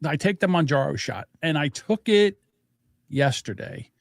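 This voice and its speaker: A man's voice: on the high side, very animated, moderate pace, vocal fry, dry recording, clean studio sound. A middle-aged man co-hosting a podcast, chatting casually in a rambling, self-deprecating, scatterbrained way. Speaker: podcast co-host. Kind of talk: casual chat.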